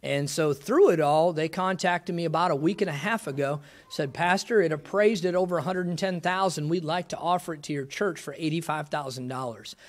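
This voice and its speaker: Folksy high-voiced pastor giving testimony. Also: male voice. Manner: folksy, quick, exclaims praise often. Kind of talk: missions conference testimony.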